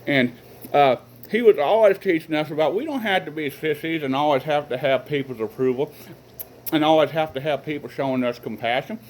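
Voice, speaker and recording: Folksy middle-aged man, rambling family anecdotes, faint noise behind, mid pitch. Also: low-quality recording. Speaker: vlogger telling family stories. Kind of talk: casual personal storytelling.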